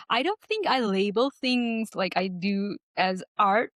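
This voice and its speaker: A woman talking as a podcast guest, thoughtful and searching for her words, with small soft laughs. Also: medium pitch, slow pace, no room sound. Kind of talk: reflective conversation.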